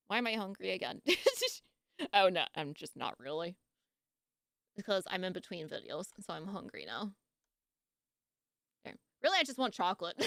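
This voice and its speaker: A woman's voice: mid-range voice, sharp tone, smooth, no echo, studio quality. A woman streamer in casual live-stream chat, playful and jokey, laughing often and yawning sleepily.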